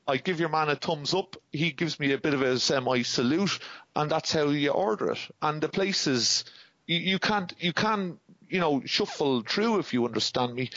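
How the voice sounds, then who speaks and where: A man's voice: fairly high pitch, a bit bright, no echo. An Irish man telling stories as a podcast guest in casual chat, rambling and restarting his words often. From Ireland. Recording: dull dry podcast sound.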